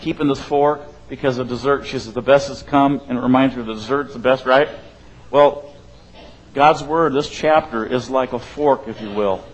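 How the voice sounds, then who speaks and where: A man's voice: mid-range voice, normal speed, low-quality recording. A male pastor delivering a sermon in a conversational, rambling way, often checking in with "right?".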